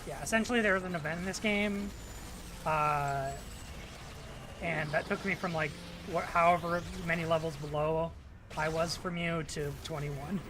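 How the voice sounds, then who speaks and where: A man chatting casually while playing a game together, soft-spoken and often trailing off mid-sentence. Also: a little high, fairly even intonation, moderate pace. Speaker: streamer, co-player. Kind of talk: casual gaming stream chat. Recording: noisy mic feed.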